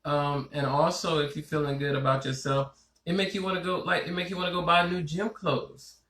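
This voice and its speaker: A man co-hosting a casual talk show, relaxed and easygoing, with many filler phrases. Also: a little high, brisk, roomy sound. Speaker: podcast co-host. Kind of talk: casual chat.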